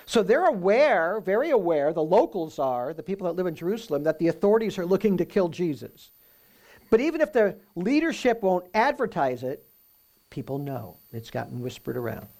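A man preaching through a Bible passage in a conversational way, often checking in with "right?" and reading the verses slowly with emphasis. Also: sits high, big pitch swings, a little mellow. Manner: reads scripture aloud slowly and with emphasis. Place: room with a live audience.

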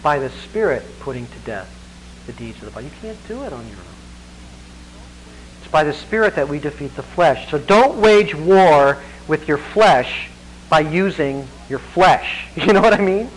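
A man's voice: animated, normal speed, breathy edge, low-quality recording. A man preaching a sermon as pastor, emphatic, with conversational asides and chuckles, then leading a prayer. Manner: emphatic preaching with wide swings in pitch and loudness. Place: church congregation.

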